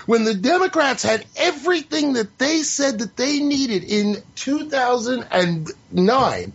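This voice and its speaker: A man's voice: very high voice, fairly bright tone, husky. A man hosting an opinion podcast, venting in an exasperated, sarcastic, profane rant. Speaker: podcast host. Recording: slightly muffled lo-fi audio.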